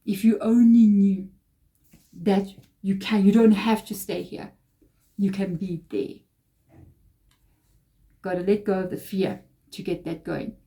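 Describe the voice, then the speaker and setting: A woman tarot reader talks straight to her audience in a warm, mellow voice. She sounds earnest and reassuring, and she leans on repetition to drive her points home. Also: mid-range voice, fairly even intonation, unhurried, creaky, long pauses. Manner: earnest, reassuring, repeats phrases for emphasis. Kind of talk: tarot reading addressed to viewers.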